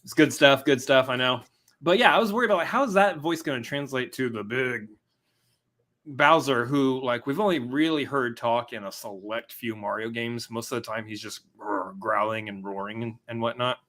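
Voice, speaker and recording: A man co-hosting a casual podcast chat, animated and jokey, prone to goofy asides. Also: mid-range voice, moderate pace. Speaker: podcast co-host.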